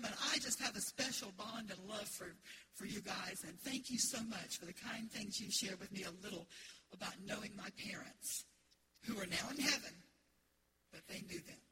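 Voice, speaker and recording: A middle-aged woman from the United States, preaching an emphatic, animated sermon as pastor in a church. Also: mid-range voice, noisy background. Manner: emphatic, animated preaching with laughter and call-outs. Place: church sanctuary.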